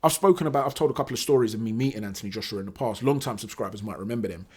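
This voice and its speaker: A man hosting his own boxing channel, talking through his views in a casual, animated monologue with fillers and self-corrections. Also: fairly low pitch, very fast, breathy edge.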